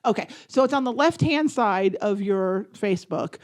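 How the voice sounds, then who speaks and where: A woman's voice: mid-range voice, lively intonation, moderate pace. A woman with a New York accent co-hosting a podcast, chatting in a giggly, rambling, playful way. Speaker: podcast co-host. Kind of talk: casual chat.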